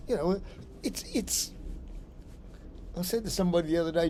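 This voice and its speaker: A man's voice: fairly high pitch, lively intonation, brisk, long pauses, warm tone, slight background noise. An Australian man, a psychic medium, talking through a rambling solo blog monologue and often repeating his phrases.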